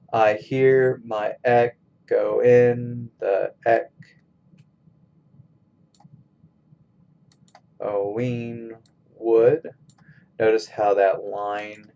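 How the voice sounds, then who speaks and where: Slow methodical male lecturer, lo-fi. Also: fairly low pitch, darkish tone. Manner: slow, methodical explaining with pauses. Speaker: college English instructor. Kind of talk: recorded screencast lecture.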